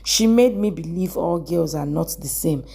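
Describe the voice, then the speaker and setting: A woman's voice: on the low side, moderate pace, creaky, dark tone, breathy edge. Virat, a woman reading an angry vengeful young man. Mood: bitter. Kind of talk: scripted recap narration.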